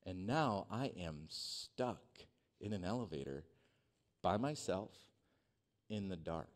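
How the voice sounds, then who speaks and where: A man preaching a sermon, telling a personal story in a dynamic way that swings from hushed to loud. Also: low voice. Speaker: pastor. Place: church sanctuary.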